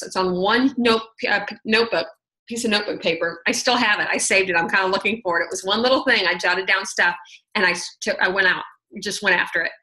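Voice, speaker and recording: Woman, bright voice, chatty testimony on a team call. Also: medium pitch, rough recording. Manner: chatty storytelling, full of "like" and "oh my gosh". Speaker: sales team leader sharing her story on a team call. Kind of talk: personal testimony on a conference call.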